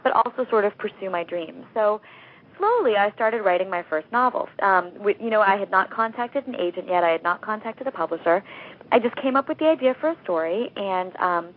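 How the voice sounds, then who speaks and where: Chatty woman novelist on a tinny phone line. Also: medium pitch. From United States. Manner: chatty, laughs often, many fillers. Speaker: novelist guest. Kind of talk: interview over a phone line.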